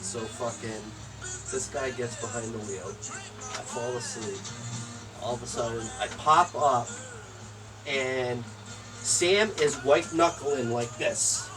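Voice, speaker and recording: Young guy talking low and tired, kinda far off the mic, music going in the back. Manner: low, tired and deliberate, swears often. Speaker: friend telling his side. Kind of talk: casual storytelling. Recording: distant from the mic, music in background.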